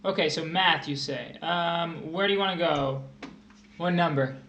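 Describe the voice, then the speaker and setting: A man's voice: a little high, measured pace, fairly bright tone, muffled recording. A man tutoring test prep on a casual livestream, joking and rambling as he explains math. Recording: echoey room, faint hiss.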